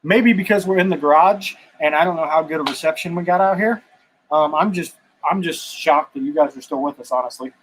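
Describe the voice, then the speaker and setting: A man's voice: fairly high pitch, brisk, a bit bright, a little hiss or hum, low-quality recording. A man co-hosting a casual live stream from a garage, reading out viewer comments and making easygoing jokes. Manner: joking, easygoing. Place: home garage.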